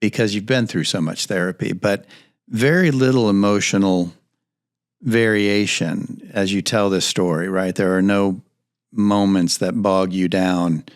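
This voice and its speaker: A man's voice: low voice, fairly even intonation, a little slow, no room sound, clean studio sound. A man co-hosting a podcast, asking thoughtful, probing questions in a tentative way. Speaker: podcast co-host. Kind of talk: interview questions.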